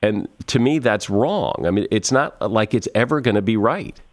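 A man hosting a conversation, easygoing and good-humored but stubborn in his opinions. His voice sits on the low side, and he chuckles as he pushes back. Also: animated, moderate pace. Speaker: podcast host. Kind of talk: casual chat.

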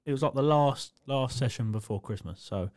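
A man's voice: medium pitch, moderate pace, dry recording. A man co-hosting a casual podcast, telling stories with lots of swearing and acting out what people said. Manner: animated storytelling, acts out quotes, swears freely. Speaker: podcast co-host. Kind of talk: casual chat.

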